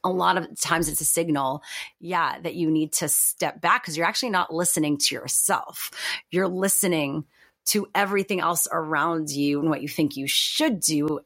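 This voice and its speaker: Woman, podcast guest, low-pitched, reflective, animated, filler-heavy casual talk. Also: normal speed, no room sound.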